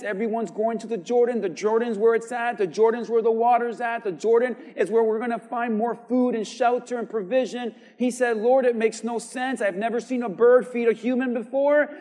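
A man preaching a sermon as pastor, swinging from quiet, measured lines to shouted emphasis. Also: very high voice, in a large hall. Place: church.

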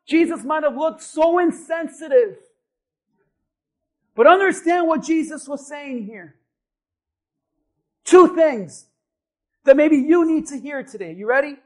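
A man preaching a sermon as pastor, building to shouted refrains and acting out voices. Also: very high voice, lively intonation, normal speed, pauses often. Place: church.

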